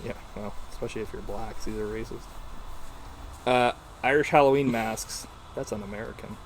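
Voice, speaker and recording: A young man co-hosting a casual podcast about movies, retelling scenes in a lively, profane way and acting out the lines. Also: mid-range voice, moderate pace, slight background noise. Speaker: podcast co-host.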